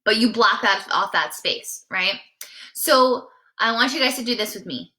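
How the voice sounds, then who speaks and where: A woman's voice: a little high, animated, measured pace, pushed and bright. A woman teaching a live singing lesson in a chatty, encouraging way, often checking in with her viewers. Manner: demonstrates sighs and nasal sounds mid-explanation.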